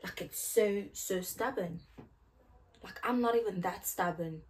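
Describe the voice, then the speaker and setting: A young South African woman chatting casually through a hair tutorial, playful and given to loud outbursts. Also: mid-range voice, unhurried, slight background noise. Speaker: hair vlogger.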